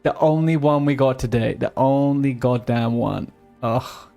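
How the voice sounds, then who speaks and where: A man's voice: mid-range voice, a little slow, gravelly, dark tone, soft background music. A man live-streaming a game in casual commentary, rambling and muttering to himself with mild swearing and humming.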